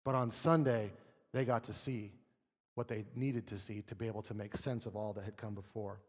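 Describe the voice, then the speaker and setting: A man preaching a sermon as pastor, earnest, asking rhetorical questions and dropping quiet to read scripture. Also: lowish voice, fairly even intonation, moderate pace. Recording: long hall reverb.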